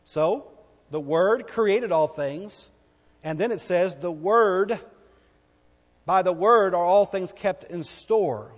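A man preaching a sermon, emphatic, asking the congregation questions and swinging between loud declarations and hushed lines. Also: high voice. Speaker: pastor. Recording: long hall reverb.

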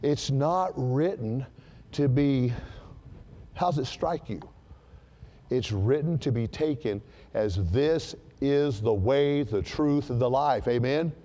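A man preaching a sermon to a church congregation, emphatic and animated, repeating his key words for stress. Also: mid-range voice, slow pace, big-room sound.

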